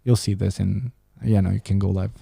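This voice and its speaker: A man's voice: sits low, fairly even intonation, fairly quick, gravelly, dark tone, slightly rough, no echo. A man from Romania, hosting a solo podcast in a sarcastic, profane rant. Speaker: podcast host.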